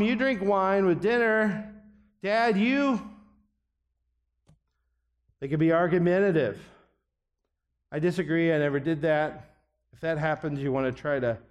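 A middle-aged man teaching a biblical counseling class in an earnest, deliberate way, often letting his voice fall quiet at the ends of phrases. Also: a little high. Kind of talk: classroom lecture.

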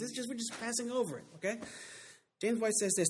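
A man preaching a sermon with emphatic delivery that builds to loud climaxes and slows down to stress key words. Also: high voice, slight background noise.

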